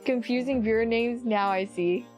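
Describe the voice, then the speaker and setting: A young woman with a high, bright voice, chatting with her live-stream viewers. She is bubbly and talkative, breaking into gasps and giggles. Soft music plays quietly behind her. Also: normal speed, dull audio. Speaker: VTuber streamer.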